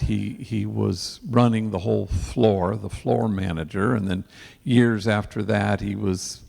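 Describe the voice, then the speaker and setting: A priest with a deeply gravelly, fry-heavy male voice and a darkish tone shares an earnest story at an event. Spanish slang pops up throughout his telling, while long hall reverb lingers after each phrase.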